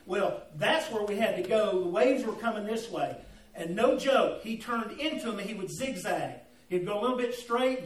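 High-voiced man preaching in an echoey hall. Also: recorded from a distance. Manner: folksy, humorous, calls out listeners by name. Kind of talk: storytelling sermon. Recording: echoey room, voice off-mic.

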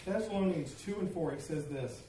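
High-voiced pastor in an echoey room. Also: male voice, brisk. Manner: storytelling, humorous, animated. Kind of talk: sermon. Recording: echoey room, distant mic, faint noise.

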